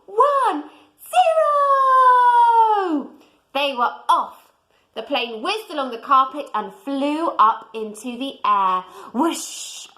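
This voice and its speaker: A woman reading a children's storybook aloud in a gentle way, pointing out the pictures to young listeners. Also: sits high, rough recording.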